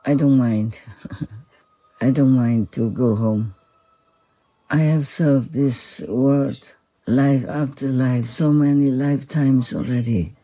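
A humble, reverent spiritual teacher in a devotional spoken dialogue, soft-spoken with gentle laughs and a slightly strained voice. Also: mid-range voice, steady tone, slow pace, rough recording. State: voice a little strained.

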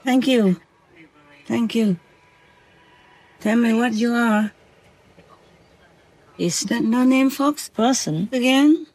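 A woman speaking as a spiritual teacher, soft-spoken and measured, with pauses between short phrases. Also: on the high side, rough recording. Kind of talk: slow spiritual talk to followers.

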